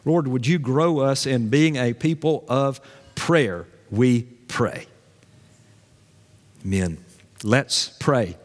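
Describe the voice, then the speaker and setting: A man preaching a sermon, folksy and animated, dropping to a low voice in prayer. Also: slow pace, pauses often. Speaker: pastor. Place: church sanctuary. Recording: long hall reverb.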